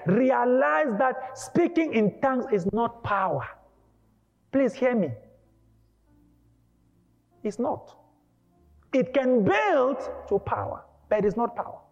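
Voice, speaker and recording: A high-voiced male preacher gives a dramatic, emphatic sermon, often rising to a shout. The sound is dull and lo-fi. A long reverb trails off every word in the church hall. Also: animated, slow, pauses often.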